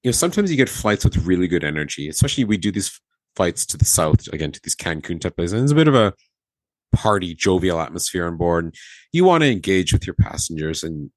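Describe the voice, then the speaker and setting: Low-voiced guy chatting on a podcast, voice jumps all over when he acts out what people said, laughs a lot, dry close mic. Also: quick pace, dry recording. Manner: animated, acts out quoted dialogue, laughs often. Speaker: podcast host, former flight attendant. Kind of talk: casual storytelling chat.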